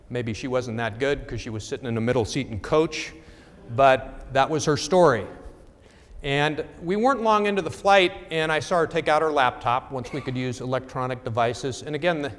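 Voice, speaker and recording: A man's voice: medium pitch, long reverb tail. A middle-aged man presenting at a talk, telling a wry story in a conversational way with frequent check-ins to the audience.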